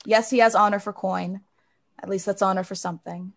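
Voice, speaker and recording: A woman voicing a kind female magister in a tabletop game, gentle and reassuring with an awkward streak. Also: medium pitch, steady tone, a little fast, close to an everyday voice.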